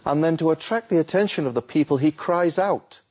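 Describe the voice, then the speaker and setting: A man explaining how to invite people to Islam, telling a lively story and acting out a street vendor's calls. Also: fairly high pitch, brisk, breathy edge. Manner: animated, repeats words, acts out a street vendor's calls. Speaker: Muslim preacher guest.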